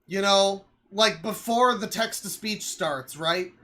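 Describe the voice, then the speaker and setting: Bright-voiced man ranting in exasperation. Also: high-pitched, slow. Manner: sarcastic. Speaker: streamer. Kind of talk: live stream reaction commentary.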